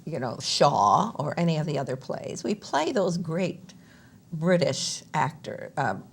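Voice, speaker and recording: Gravelly, animated woman actor. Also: low-pitched, unhurried. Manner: animated, emphatic, with rephrasing. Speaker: stage actor in the play. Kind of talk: conversational interview.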